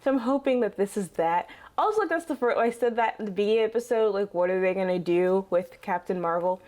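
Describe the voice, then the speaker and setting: A young woman hosting a casual reaction video, chatty and quick to laugh, with lots of fillers. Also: mid-range voice, a little mellow.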